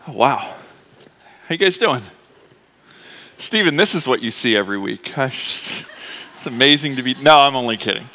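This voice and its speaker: A man's voice: medium pitch, animated, normal speed, pauses often, bright, forceful tone, long reverb tail. A man preaching a sermon to his congregation as pastor, in a chatty, emotional way, with many fillers and restarts. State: recovering from appendix surgery. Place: church sanctuary.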